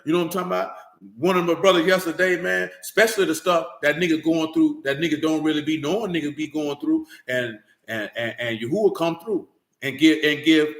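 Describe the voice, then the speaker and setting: A man preaching a street-style sermon, heated and profane, often building to shouts. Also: on the high side, reverberant.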